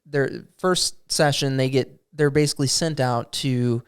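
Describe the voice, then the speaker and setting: Man, game master, casual storytelling, smooth resonant voice, middle pitch. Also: steady tone. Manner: storytelling, acts out goblins and players in quick quotes, laughing. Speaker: game master recounting a session. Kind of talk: casual chat.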